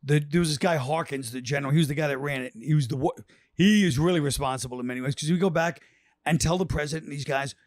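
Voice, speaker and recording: A man tells stories in a quick, casual rush and acts out quoted lines. His voice sits a bit high for a man. The sound is dry and close, with no room echo. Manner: rambling storyteller, acts out quotes. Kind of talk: casual chat.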